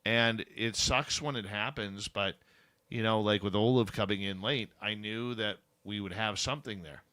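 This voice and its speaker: A man's voice: lowish voice, normal speed, sharp tone, dry recording. A man hosting a late-night radio show, chatting casually and reading upbeat promos into a studio mic. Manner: informal, chatty, upbeat announcer delivery.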